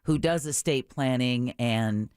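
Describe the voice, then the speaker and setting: A man's voice: mid-range voice, unhurried, darkish tone, clear, resonant tone, dry recording. Radio co-host man, dry mic. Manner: brief supportive interjections. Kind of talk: casual talk radio banter.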